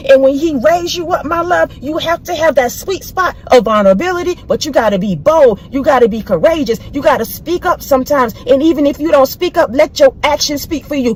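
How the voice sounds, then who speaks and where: Bold motivational speaker, woman, high voice, emphatic and repetitive. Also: lively intonation, moderate pace, few pauses, poor audio. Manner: bold, emphatic, repeats phrases. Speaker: inspirational speaker. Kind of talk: preachy motivational monologue.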